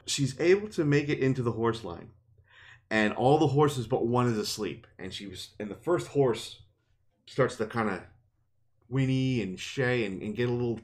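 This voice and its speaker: A man's voice: mid-range voice, expressive, moderate pace. A man co-hosting a podcast, casually retelling a fantasy novel chapter with playful quoted voices and laughter. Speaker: podcast co-host. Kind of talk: casual book discussion podcast.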